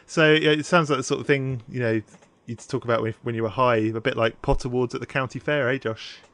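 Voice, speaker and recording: A man's voice: mid-range voice, steady tone, a little fast, a bit bright, no echo. A man co-hosting a casual podcast, presenting a story and laughing often as he tells it. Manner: giggly, keeps laughing while telling.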